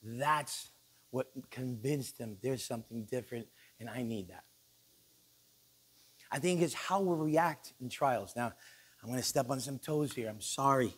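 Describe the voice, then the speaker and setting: A male pastor preaching a sermon in a church, animated and joking, acting out the people he quotes. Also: medium pitch, measured pace, long pauses, slightly rough.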